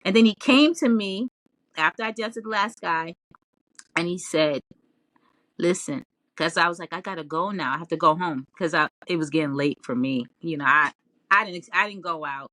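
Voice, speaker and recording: A woman recounting her past as an interview guest, animated and quick to laugh, with lines she quotes pitched up high. Her voice sits a little low but has a bright, forceful edge. The sound is close and dry. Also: no room sound. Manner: animated, laughs often, quoted dialogue in a raised voice. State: tearful at times. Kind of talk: casual storytelling interview.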